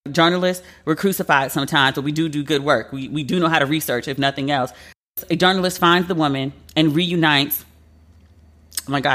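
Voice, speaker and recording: Guy doing a casual podcast monologue, kinda high voice, very chatty and emotional, says like a lot. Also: sharp tone. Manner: chatty and emotional, heavy use of "like". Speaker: journalist and podcast host.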